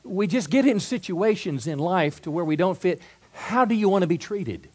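A middle-aged man preaching a sermon, stumbling and repeating words, swinging from soft asides to loud build-ups. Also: sits high, expressive, normal speed, breathy edge. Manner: repeats words and restarts, acts out quoted voices. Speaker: pastor.

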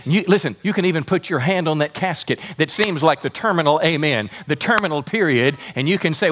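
A man's voice: fairly high pitch, lively intonation, fairly quick, hardly any pauses, fairly bright tone, a little hiss or hum. A man preaching a sermon as pastor, fervent and calling on the congregation to respond.

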